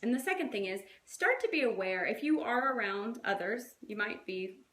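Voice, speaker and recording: A woman's voice: on the high side, lively intonation, normal speed, a bit bright, reverberant. A woman coaching her team in a casual, chatty way, full of fillers and little acted-out quotes. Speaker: fitness coach.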